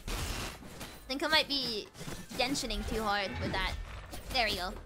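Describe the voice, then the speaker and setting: A woman's voice: fairly high pitch, a little slow, music in the background. A young woman streaming a video game live, reading the story dialogue aloud and chatting in a playful, giggly, self-mocking way. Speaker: VTuber streamer.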